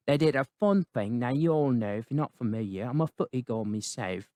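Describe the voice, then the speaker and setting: A man's voice: mid-range voice, a little mellow, no room sound, clean studio sound, pitched below the performer's own voice, natural voice. A man putting on a cheeky British bloke. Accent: put-on British. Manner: rambling, cheeky, full of British slang tags. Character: chatty British bloke, adult male fixer, cheeky and rambling. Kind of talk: comedic character review.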